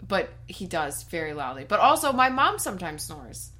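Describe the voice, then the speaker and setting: A young woman in casual podcast conversation. Her voice sits a little low, and she talks in a chatty way, laughing readily and bouncing off her co-host. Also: sing-song, normal speed, sharp tone. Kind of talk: casual chat.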